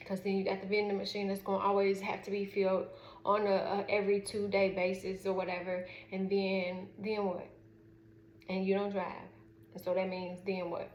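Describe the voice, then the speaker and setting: A woman's voice: medium pitch, completely flat delivery, moderate pace, a little mellow. A middle-aged woman with a Southern US accent tells a frank, rambling story about her daughter in a casual vlog, full of fillers. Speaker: mother. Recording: roomy echo, faint background noise.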